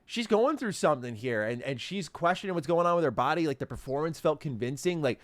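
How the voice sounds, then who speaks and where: A man's voice: on the high side, lively intonation, brisk, fairly bright tone, no echo. Casual male game commentator, upbeat and rambling, dry close sound. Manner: enthusiastic, rambling with fillers. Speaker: gaming commentator.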